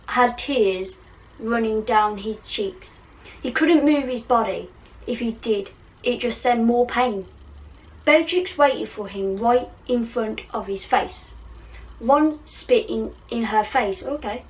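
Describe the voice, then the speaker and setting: Slow-reading woman, giggly and self-mocking. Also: on the high side, far from the mic, poor audio. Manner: giggly, self-mocking, stumbling over words. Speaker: channel host reading her fan fiction. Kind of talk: casual story reading with asides.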